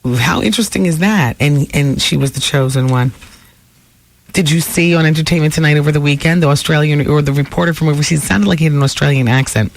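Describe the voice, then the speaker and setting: A woman hosting a talk radio show, chatting through celebrity gossip in a lively way with asides to listeners. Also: deep voice, fast talker. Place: radio studio.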